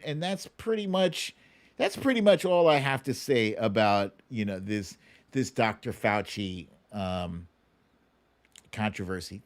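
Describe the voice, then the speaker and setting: A man's voice: medium pitch, creaky. A man hosting a livestream of political commentary, ranting in a profane, sarcastic way. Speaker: host.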